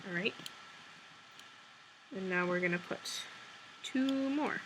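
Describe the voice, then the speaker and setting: A woman's voice: mid-range voice, slow, background noise. A woman hosting a craft tutorial, talking casually and steadily through each step while she works with her hands. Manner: chatty, talks while working with her hands. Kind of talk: step-by-step instructional walkthrough.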